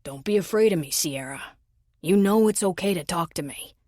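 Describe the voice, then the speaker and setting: A tender, devoted firefighter, voiced by a woman narrator, speaking low and earnest in a romance audiobook. The voice sits a little low and gentle. The recording is dry and close. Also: expressive, moderate pace, no room sound. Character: tender devoted male firefighter, adult man.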